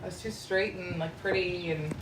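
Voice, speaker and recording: A woman's voice: fairly low pitch, fairly even intonation, moderate pace, noisy background. Chatty young woman, far-off echoey mic. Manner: gossipy, fills speech with "like". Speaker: podcast host. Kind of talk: casual storytelling chat.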